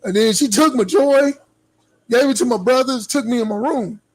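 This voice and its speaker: A man's voice: extremely high pitch, moderate pace, a little mellow, slightly rough, low-quality recording. A man co-hosting a podcast, telling a story from his youth in a laid-back, slangy way. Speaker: podcast co-host.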